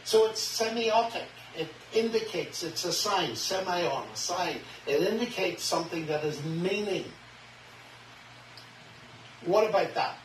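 Animated man telling a story, roomy distant sound. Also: measured pace. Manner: animated, acts out quoted dialogue with big pitch jumps. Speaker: guest. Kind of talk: storytelling in an interview. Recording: roomy, distant mic, faint background hiss.

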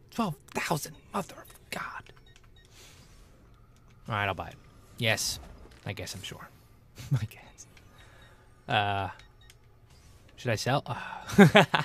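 Lively grumbling male gamer. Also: medium pitch, creaky. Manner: grumbling, sarcastic, talks to the audience. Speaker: let's play gamer. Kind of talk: gameplay commentary.

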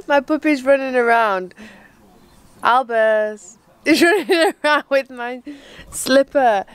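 A woman's voice: high voice, slow, pauses often, clean tone, no echo. A young woman, talking casually to camera in a chatty, sweary, self-mocking way. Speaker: vlogger. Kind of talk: casual vlog talk.

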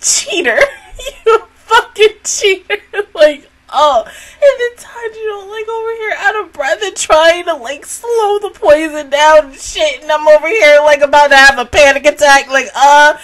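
A woman hosting a casual anime reaction review. She is excitable, swears a lot, and breaks into laughter and outbursts. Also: high-pitched, moderate pace, low-quality recording.

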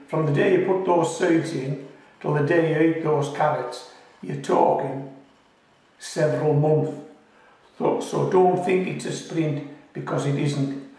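A man's voice: a little high, steady tone, a little slow, mellow. A man from the United Kingdom hosting a gardening channel, chatting casually and reassuringly, joking and laughing at himself, sometimes with his mouth full. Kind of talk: casual friendly how-to talk. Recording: very echoey, voice from a distance.

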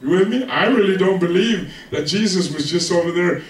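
A man's voice: high-pitched, fairly quick, slight background noise. A man preaching a sermon as pastor, conversational and joking, often checking in with his congregation. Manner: conversational, joking, keeps asking "you with me?". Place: church hall with congregation. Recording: echoey hall from far off, congregation.

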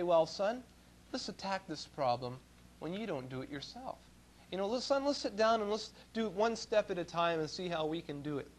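In a church, a middle-aged man from Canada preaches, weaving folksy stories and shifting between forceful emphasis and soft asides.

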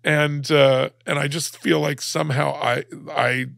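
Gravelly man telling a tearful story. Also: on the high side, level tone, fairly bright tone, no room sound. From Alabama, USA. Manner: halting, many restarts, close to tears. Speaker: guest, cartoonist. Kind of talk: emotional personal storytelling.

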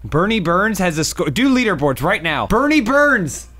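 A man with a slightly high voice that swings widely up and down, trading loud, jokey banter over gameplay. Game music plays softly underneath. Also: very animated, moderate pace. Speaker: gameplay commentator.

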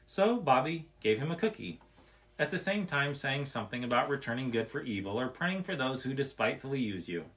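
Man reading a storybook out loud, medium voice, steady and expressive. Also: mid-range voice, brisk.

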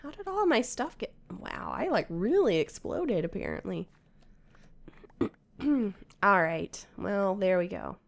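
Gravelly-voiced woman narrating her gameplay. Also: medium pitch, sing-song, slow. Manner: chatty, talks to herself while playing. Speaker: Minecraft player. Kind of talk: casual gameplay commentary.

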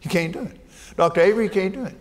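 Folksy older preacher, high voice, echoing hall. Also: male voice, rapid-fire. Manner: folksy, joking asides and rising shouted fervor. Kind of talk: sermon. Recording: reverberant hall with faint ambience.

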